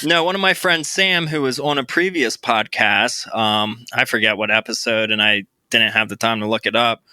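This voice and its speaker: Excitable male podcast host, very bright, smooth tone, dry close sound. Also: medium pitch, normal speed, dry recording. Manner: upbeat, giggly, excitable. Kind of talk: casual chat. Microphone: remote recording.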